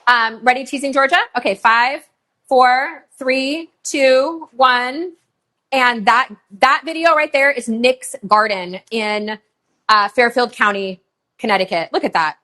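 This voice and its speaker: A middle-aged woman hosts a live online sale with a bright, forward voice that sits a little high. She chats in a bubbly, gushing way and breaks off into quick countdowns between items. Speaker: live shopping host. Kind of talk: live online sales show.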